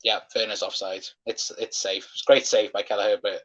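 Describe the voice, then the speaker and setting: A young man, hosting a live football watchalong and calling the match as an excitable fan who swears when frustrated. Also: on the low side, brisk, low-quality recording.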